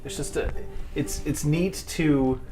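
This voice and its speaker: A man's voice: a little high, fairly even intonation, slow, over music. A man running a tabletop game, chatting casually between scenes in a wry, rambling way with plenty of fillers.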